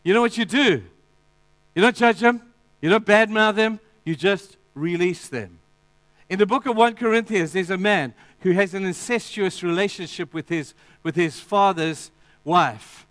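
A man preaching a sermon, addressing the congregation directly, swinging between emphatic declarations and quiet, intense asides. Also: sits high, normal speed, no echo. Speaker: pastor.

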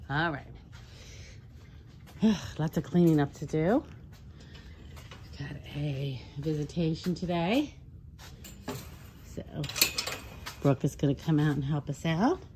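Speaking slowly and animatedly with frequent pauses, a low-pitched, darkish-toned woman talks casually to foxes she looks after at a sanctuary. Outdoors by the enclosures and filming, she uses a cooing, sing-song pet voice over slight background noise.

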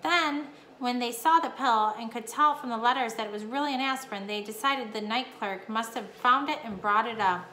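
Casting: a woman voicing a cocky young mouse hero, quick, bright delivery. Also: on the high side. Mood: boastful. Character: small young male mouse, proud and boastful. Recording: echoey room, faint hum.

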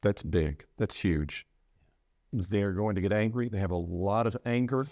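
A low-voiced middle-aged man speaks with earnest, halting sincerity, often stumbling and restarting mid-thought. He sounds like a preacher recounting something personal. The recording is dry and close, with no room sound. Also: a little mellow, dry recording. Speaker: preacher sharing his loss. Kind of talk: reflective interview talk.

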